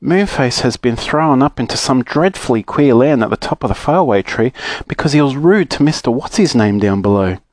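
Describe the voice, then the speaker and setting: Aussie man as a fretful storybook fairy girl, raised pitch, lively, dry close read. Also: a little fast, no room sound, lightly acted. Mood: tearful. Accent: Australian. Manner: sobbing, fretful. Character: tearful gentle fairy girl.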